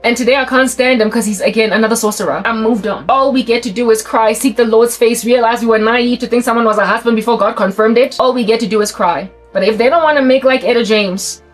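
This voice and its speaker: A South African woman giving a fervent, preachy vlog monologue, rapid and repetitive, sometimes breaking into song. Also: fairly high pitch, soft background music. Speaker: Christian vlogger. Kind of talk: impassioned monologue to camera.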